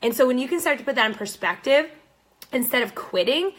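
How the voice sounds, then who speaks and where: A young woman giving a blunt, fired-up motivational talk with plenty of sarcasm. Her voice sits a little high for a woman. She coaches direct sellers and talks straight at them. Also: expressive, brisk.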